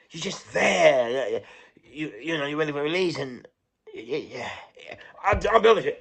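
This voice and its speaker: A middle-aged London man with a deeply gravelly voice and a bright, forceful edge tells his story in an interview. He rambles, circles back on the same words and swears freely, and he keeps stopping to search for what to say. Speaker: interview guest, former prisoner.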